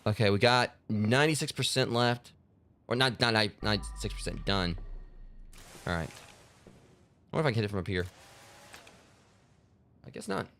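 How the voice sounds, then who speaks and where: A man's voice: lowish voice, moderate pace, long pauses, a bit bright, a little hiss or hum. A man hosting a gaming channel, rambling and joking through casual let's play commentary. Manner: rambling, joking, lots of fillers.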